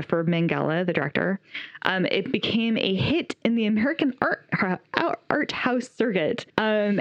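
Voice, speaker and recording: A woman chatting casually on a podcast, gushing about a film as she recounts its scenes. Her delivery is animated, and laughter breaks in often. The recording is dull and lo-fi, in a dry, dead room. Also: medium pitch, no echo. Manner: enthusiastic, animated retelling with frequent laughter. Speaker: podcast co-host reviewing a film. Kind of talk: casual chat.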